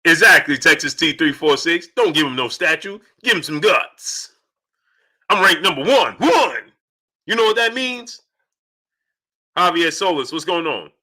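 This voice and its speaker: Animated man greeting live-stream viewers. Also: fairly high pitch. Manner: animated, shouts out chat names rapid-fire.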